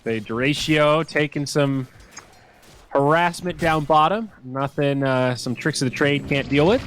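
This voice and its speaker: A man casting a live esports match as play-by-play commentator, with excitable, animated calls. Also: fairly high pitch, a little slow, slight background noise. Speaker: esports caster.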